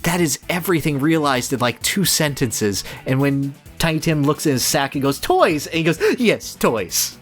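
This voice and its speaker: A podcast co-host in casual chat, gushing about a cartoon with excited bursts and frequent laughter. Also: medium pitch, fairly quick, few pauses, soft background music.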